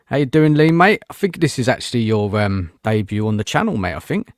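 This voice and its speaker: A man's voice: mid-range voice, very animated, brisk, dry recording, clean studio sound. A man hosting a casual football fan live show, chatty and greeting viewers, saying "mate" often. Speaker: host.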